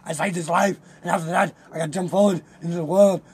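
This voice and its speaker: A man's voice: high voice, fairly even intonation, fast, darkish tone, husky, exaggerated voice. A man putting on a boastful, foreign-accented action-hero governor during a goofy podcast chat, mangling place names.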